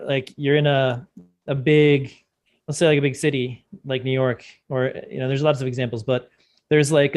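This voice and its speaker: A man's voice: mid-range voice, a little mellow. A man as a guest in a casual livestream chat, explaining ideas thoughtfully.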